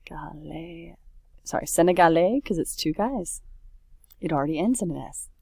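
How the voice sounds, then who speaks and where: A woman with a lowish voice walks through a French worksheet in a relaxed, chatty way. She catches her own slips as she goes. The sound is close and dry, with no room around it. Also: fairly quick, dry recording. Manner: chatty, self-correcting, says oops often. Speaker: French teacher. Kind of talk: casual worksheet walkthrough.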